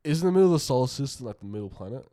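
A man's voice: mid-range voice, expressive, rapid-fire, mellow. A young Australian man co-hosting a podcast, chatting casually and often reacting with sweary disbelief. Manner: incredulous, swears in surprise. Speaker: podcast co-host. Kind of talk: casual chat.

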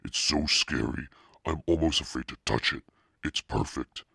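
A man voicing a frightened, stubborn young girl who speaks in a shrill, breathless way. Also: normal speed, gravelly, bright, forceful tone, husky, no echo, studio quality, heavily acted. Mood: insistent.

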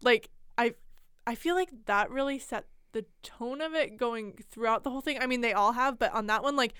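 A woman's voice: a little high, normal speed, fairly bright tone, smooth, dry recording, clean studio sound. A woman chatting casually, enthusiastic and giggly, rambling as she praises the story. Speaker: co-host, listener. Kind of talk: casual chat.

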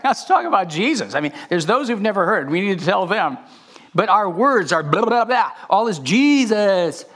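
A pastor preaches a sermon in a rather high, fairly bright voice that swoops and rises all over the place. Impassioned, he often repeats words and restarts phrases as he builds his point.

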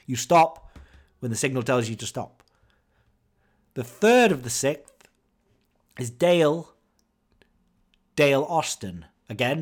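A man hosting a casual podcast, sarcastic and mock-solemn, who breaks into sung football chants. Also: mid-range voice. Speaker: podcast host.

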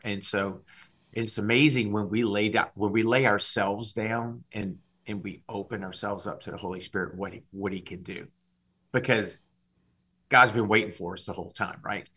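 Husky man telling his story. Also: fairly low pitch, normal speed. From Louisiana, USA. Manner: animated storyteller, acts out dialogue. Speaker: guest, singer and minister. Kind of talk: testimony in podcast conversation.

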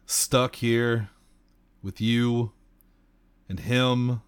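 A man's voice: mid-range voice, steady tone, drawn-out words, slight background noise. A fed-up male stage magician in a tabletop game, played by a man in his own voice. He whines and boasts about his own fame. His voice sits in the middle range. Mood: exasperated. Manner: whiny and self-important.

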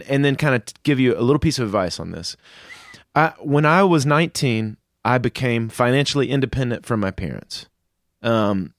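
Man, father, co-host, earnest storytelling, lots of ums, mid pitch, lively intonation, dry sound. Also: no echo. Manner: earnest storytelling with frequent fillers. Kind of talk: casual advice talk with personal story.

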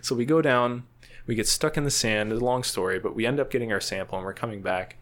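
A man's voice: mid-range voice, fast, fairly bright tone. A man guesting on a podcast, telling a casual story full of fillers and frequent laughs. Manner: rambling, laughs often, many fillers. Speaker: guest, field scientist.

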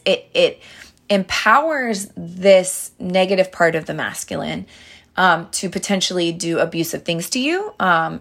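A woman's voice: on the low side, vocal fry, fairly bright tone. A young woman talks straight to her listeners like a big sister giving dating advice. She is chatty and earnest, with plenty of fillers and restarts as she tells her stories. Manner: earnest, addresses listeners directly as girls. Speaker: dating advice podcast host. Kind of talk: casual advice monologue.

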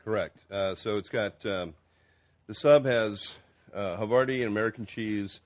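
A man, a chef co-hosting a radio cooking show, calmly explaining how he builds a sandwich. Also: fairly low pitch, normal speed. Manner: laid-back, explains cooking steps with fillers. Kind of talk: casual radio banter.

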